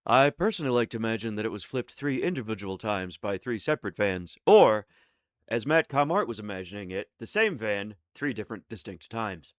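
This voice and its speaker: A man with a low, smooth radio-style voice, slightly hoarse from a coming cold. He talks in a wry, unhurried way, and the sound is dry and close, with no room around it. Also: lively intonation, no room sound. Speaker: streamer. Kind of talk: casual live-stream chat.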